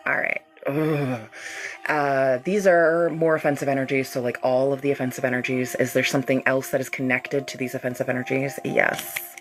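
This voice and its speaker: A woman's voice: rumbling low, little pitch movement, brisk. A woman hosting a live-streamed reiki healing session. She talks straight to her viewers and reads out their comments in a loose, chatty way, laughing often. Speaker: reiki healer hosting a livestream.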